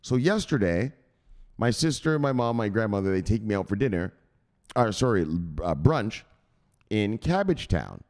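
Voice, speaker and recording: A man hosting a crypto news show, excitable and profane, giving casual commentary and punctuating his points with a shouted "bang.". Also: fairly low pitch, a little slow.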